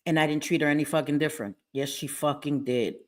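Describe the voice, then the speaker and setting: A woman's voice: sits low, quick pace. A middle-aged woman hosting a livestream, angry and profane, repeating herself as she talks to her chat. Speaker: livestream host. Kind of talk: heated livestream rant. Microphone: webcam or phone.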